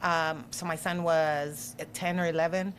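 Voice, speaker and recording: A middle-aged woman, a politician and podcast guest, telling stories in a lively, casual way and putting on voices for the people she quotes. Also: low-pitched, measured pace, a little hiss or hum. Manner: animated, acts out quoted voices. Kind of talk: casual storytelling.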